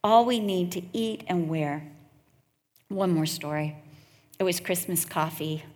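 A middle-aged woman preaching a sermon, earnest and storytelling, with slow drawn-out emphasis. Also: lowish voice, darkish tone. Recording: echoey hall.

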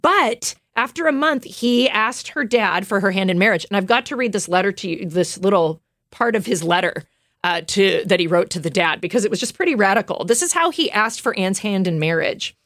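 A woman's voice: mid-range voice, animated, fairly quick, a bit bright, no room sound. Chatty woman telling a story, dry sound. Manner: chatty, lots of fillers and asides; laughs often while telling. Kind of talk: casual storytelling.

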